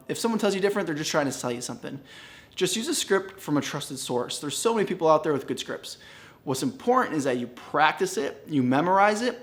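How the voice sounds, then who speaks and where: An upbeat man coaching real estate agents on cold calls, speaking straight to the camera. His voice sits a little high for a man, and he keeps a smiling, energetic delivery while he stands. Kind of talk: direct-to-camera teaching. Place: standing in a room.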